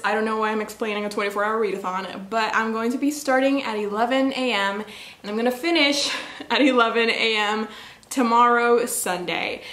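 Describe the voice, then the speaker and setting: A woman's voice: a little high, a bit bright. A young woman chatting casually on her book vlog, bubbly and rambling, full of "like"s. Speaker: book vlogger. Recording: echoey room.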